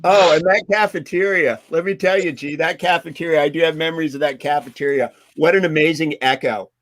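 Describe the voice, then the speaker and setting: A man's voice: on the high side, steady tone, a bit bright. Enthusiastic male interview host. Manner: enthusiastic, quick to agree. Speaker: podcast host. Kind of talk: casual interview chat.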